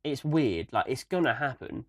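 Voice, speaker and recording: Excitable young man, dry sound. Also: mid-range voice, moderate pace, no echo. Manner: swears freely, rambling and excitable. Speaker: podcast co-host. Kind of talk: casual livestream chat.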